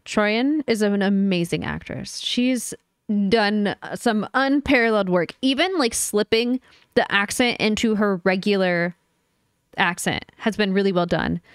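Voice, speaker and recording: A young woman gives firm opinions in casual chat as a podcast co-host, with the odd swear word. Her pitch sits in the middle range. The sound is close and dry. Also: unhurried, clear, resonant tone, dry recording.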